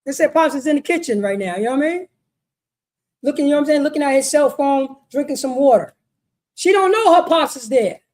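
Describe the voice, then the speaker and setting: A woman's voice: sits high, lively intonation, a little fast, a little mellow. A woman teaching a religious law class in an emphatic, repetitive street-style sermon, often asking "you know what I mean". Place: meeting hall.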